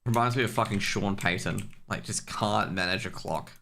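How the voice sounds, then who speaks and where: A young man streaming, chatting casually in a loose, profane, rambling way full of fillers and restarts, getting louder as he rants. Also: on the low side, normal speed, a little hiss or hum. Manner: gets worked up and louder when ranting.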